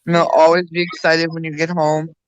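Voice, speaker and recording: A woman's voice: deep voice, flat delivery, brisk, clear, resonant tone, dry recording, highs cut off. A woman in her thirties co-hosting a casual podcast chat, rambling with restarts and fillers. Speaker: podcast co-host.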